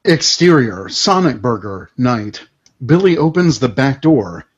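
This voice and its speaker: A husky man reads stage directions at a script table read, his voice moving up and down a lot as he goes. The recording is lo-fi and dull. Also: mid-range voice, a little slow. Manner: laughing, animated.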